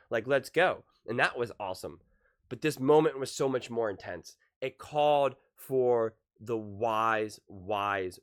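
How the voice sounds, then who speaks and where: A man giving casual, excitable basketball commentary, emphatic and repeating himself, his voice sore from screaming. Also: lowish voice.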